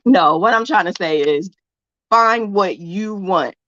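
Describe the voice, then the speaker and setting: A woman's voice: mid-range voice, takes it slowly, a bit bright, dry recording, lo-fi sound. A woman hosting a casual crochet livestream, talking in a playful, chatty way and likening crochet hooks to a romance. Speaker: crochet host.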